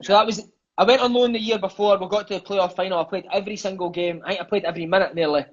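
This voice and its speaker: A lively Scottish former footballer, interviewed as a guest, tells football stories in a casual chat. His high voice comes rapid-fire and animated, laced with swearing and frequent "mate." The recording sounds dull and lo-fi.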